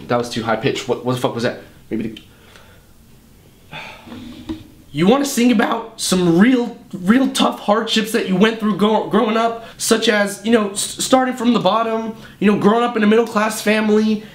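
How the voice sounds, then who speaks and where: A man's voice: high-pitched, normal speed, a little hiss or hum. A young man hosting a jokey music production tutorial, talking casually and swearing a lot. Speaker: music producer and channel host.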